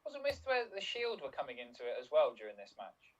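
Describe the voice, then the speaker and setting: A man on a podcast who briskly corrects the facts. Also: on the high side, wildly swooping pitch, distant mic, muffled recording. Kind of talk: casual podcast chat.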